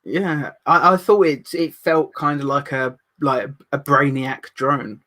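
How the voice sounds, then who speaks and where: A man co-hosting a podcast who makes wry, quick jokes and laughs briefly in casual chat. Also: mid-range voice, steady tone, sharp tone. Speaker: podcast co-host.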